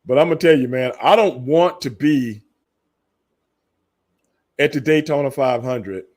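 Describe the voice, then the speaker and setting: A middle-aged man with a Texan accent, hosting a casual podcast chat and telling stories with lots of laughter and sudden excited high bursts. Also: measured pace. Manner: animated storyteller, laughs often, jumps into high excited bursts. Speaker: podcast host.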